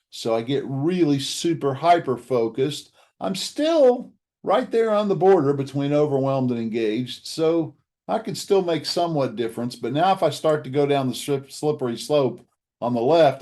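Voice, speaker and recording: A man's voice: mid-range voice, a little mellow. A man coaching an audience in a motivational talk, earnestly walking through a slide and offering to send the slides afterward. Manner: offers to email the slides to listeners.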